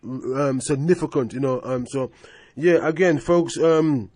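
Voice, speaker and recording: A man's voice: mid-range voice, unhurried, darkish tone, dry recording. A man hosting a radio talk show, speaking emphatically and repeating his phrases for effect. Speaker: radio host. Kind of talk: casual radio chat.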